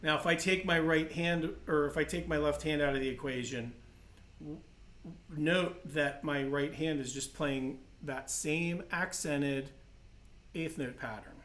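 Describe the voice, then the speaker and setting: A man's voice: a little high, steady tone, unhurried, fairly bright tone, echoey room. A man teaching a livestream drum lesson, patiently explaining technique and counting in. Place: percussion studio.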